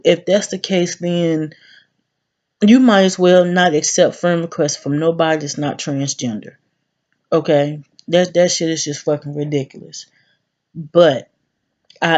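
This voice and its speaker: A woman's voice: deep voice, a little mellow, muffled recording. A woman in her thirties vlogging, ranting brashly and cursing freely as she talks straight to her viewers. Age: 30s. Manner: brash, profane, addresses viewers directly. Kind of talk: casual ranting vlog.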